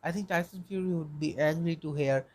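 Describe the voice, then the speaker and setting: A man's voice: on the high side, brisk, darkish tone. A young man hosting a solo podcast, rambling, repeating himself and swearing bluntly. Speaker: podcast host.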